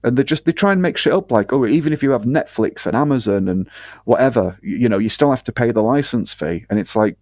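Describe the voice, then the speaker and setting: A man's voice: mid-range voice, animated, fast talker, a little mellow, dry recording, clean studio sound. A man from the north of England with a Northern English accent, a guest ranting bluntly and swearing freely in casual podcast chat.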